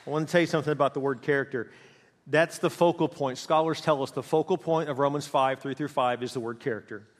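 A middle-aged man preaching a sermon as pastor, passionate, with big swings between loud, fast bursts and quiet, slow passages. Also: fairly high pitch, fairly even intonation, some chatter behind. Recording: hall reverb.

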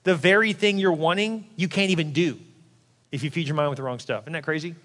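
Guy pastor preaching, jokey and frank, does little voices for quotes, kinda high voice, long echo of a big hall. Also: a little fast, a bit bright. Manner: candid and joking, acts out quoted voices. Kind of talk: sermon.

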